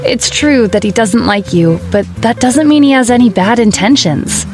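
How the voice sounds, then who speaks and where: A woman's voice: a little high, normal speed, over music, natural voice. Brief: woman narrator lifting her voice for a gutsy young wife, sarcastic and lightly mocking. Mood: explaining.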